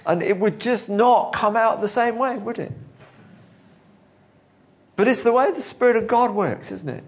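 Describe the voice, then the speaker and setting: Man, preacher, sermon, high lively voice, swooping delivery, dull lo-fi recording. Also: measured pace. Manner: animated storytelling, acting out quotes, chuckling.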